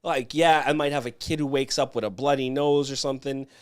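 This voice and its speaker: A man's voice: medium pitch, fairly even intonation, fairly quick, clean tone. A man co-hosting a casual podcast, talking in an easygoing way full of fillers. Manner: easygoing, lots of likes and fillers. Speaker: podcast co-host. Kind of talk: casual chat.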